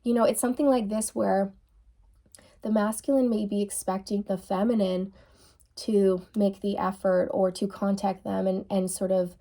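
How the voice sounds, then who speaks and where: A woman giving a channeled tarot reading to her viewers, musing softly and repeating key phrases. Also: medium pitch. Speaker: tarot reader.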